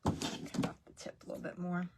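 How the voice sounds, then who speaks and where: A woman's voice: brisk, heavy background noise. A woman in her fifties, a grandmother, chatting and rambling through a DIY craft tutorial and laughing often as she tells family stories.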